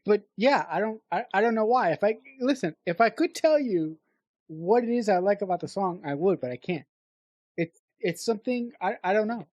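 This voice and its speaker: A woman's voice: medium pitch, lively intonation, normal speed, darkish tone, no echo, lo-fi sound. A woman co-hosting a podcast, chatting casually about a film, hesitant and rambling with many restarts. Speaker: podcast co-host. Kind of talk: casual movie chat.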